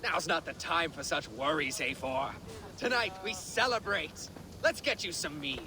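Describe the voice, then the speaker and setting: A man's voice: fairly high pitch, a little slow, background noise, close to an everyday voice. A man voicing a hearty Norse chieftain in a video game. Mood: festive.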